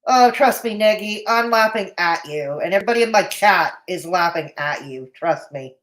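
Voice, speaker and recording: A woman's voice: lowish voice, animated, normal speed, fairly bright tone. A woman hosting a live commentary stream, blunt and mocking in tone, with a Canadian accent. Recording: roomy echo.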